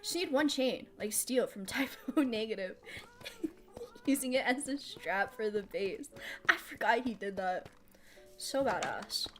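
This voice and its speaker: A woman streamer giving casual live gameplay commentary. She thinks out loud while she builds, answers chat aloud and laughs often. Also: a little high, expressive, a little slow, faint music behind. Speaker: streamer playing a building game.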